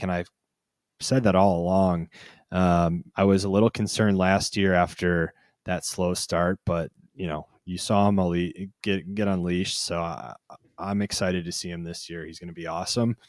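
Male co-host, very low voice, dry close mic, loose chatty delivery with lots of ums. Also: a little mellow, dry recording. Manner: loose, filler-heavy, teasing. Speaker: podcast co-host. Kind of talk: casual fantasy football chat.

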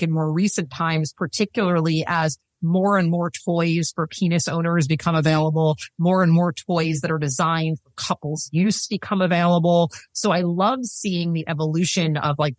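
A woman with a fairly low voice speaks in a podcast interview, earnest and emphatic, hammering home her main points. She laughs easily but stays serious. The sound is dry and close, with no room around it. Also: no room sound. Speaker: sex and intimacy coach, podcast guest.

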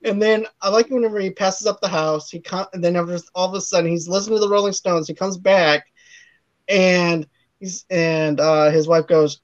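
A man co-hosting a podcast, chatting casually about a movie, laughing often and mumbling quotes in a lower voice. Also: fairly even intonation, moderate pace. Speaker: podcast co-host. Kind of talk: casual chat recapping a film. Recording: dull lo-fi sound.

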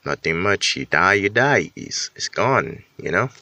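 Low-voiced man rambling on a podcast. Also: sing-song, measured pace, pushed and bright, no echo. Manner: rambling and self-deprecating, many fillers and restarts; casual swearing. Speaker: podcast host. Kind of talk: casual solo podcast monologue.

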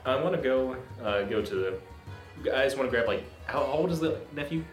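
A man's voice: medium pitch, lively intonation, fairly quick, echoey room, faint music behind. A man playing a tabletop game, talking casually and hesitantly. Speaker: player.

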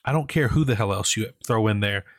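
A man's voice: fairly low pitch, fairly quick, dry recording. A man co-hosting a casual wrestling podcast, speaking with emphatic enthusiasm. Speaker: podcast co-host.

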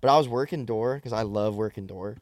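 A young man telling stories in casual podcast chat, animated and swearing, with lots of fillers. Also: on the low side, fairly quick, dry recording. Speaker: podcast guest.

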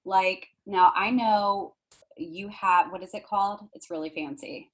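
A woman, a podcast guest telling stories in animated chat and acting out other people's lines. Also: mid-range voice, unhurried, low-quality recording. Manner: animated, acts out others' voices, fillers and restarts. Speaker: podcast guest, manifesting coach. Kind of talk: casual storytelling chat.

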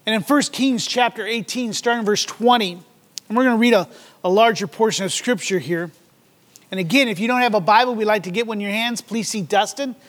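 Man, pastor, sermon, dramatic scripture reading, very high pitch, long hall reverb. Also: fairly quick, fairly bright tone.

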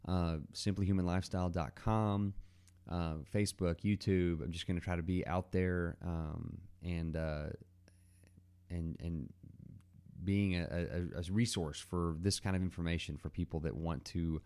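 A man's voice: deep voice, fairly even intonation, moderate pace, dark tone, smooth. A man hosting his own podcast, talking solo in a loose, rambling way with lots of fillers and restarts. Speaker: podcast host. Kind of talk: casual solo podcast monologue.

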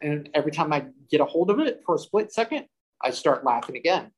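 A man's voice: on the high side, very animated, quick pace, husky, poor audio. A man telling a first-person story about a paranormal investigation, acting out the quotes and breaking into laughter.

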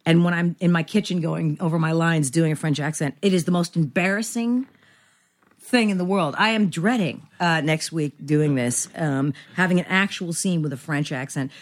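A woman's voice: low-pitched, normal speed. A woman in her fifties, a guest actress in a casual podcast interview, rambling and self-deprecating with many restarts.

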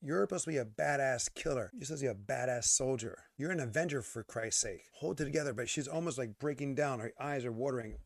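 A man co-hosting a casual movie review, ranting and arguing in an animated way. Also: mid-range voice, quick pace, gravelly, hardly any pauses, no room sound, studio quality. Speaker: podcast co-host.

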